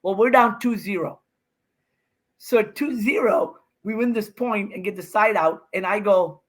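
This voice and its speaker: Excitable podcast guest, male pro athlete, animated storyteller. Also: sits high. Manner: excitable, fast-talking, acts out quotes.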